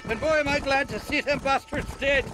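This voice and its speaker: An actor playing a crude, rambling Irish arms dealer with a thick brogue in a western video game. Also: male voice, very high voice, steady tone, fairly quick. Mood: boastful. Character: boastful crude Irish arms dealer, middle-aged man. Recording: game audio under background noise.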